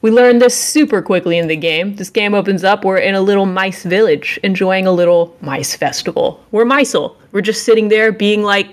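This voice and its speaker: A woman's voice: mid-range voice, moderate pace, hardly any pauses. A young adult woman co-hosting a podcast, recapping a game with sarcasm and mock-heroic acted lines. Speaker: podcast co-host. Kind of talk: casual game review chat.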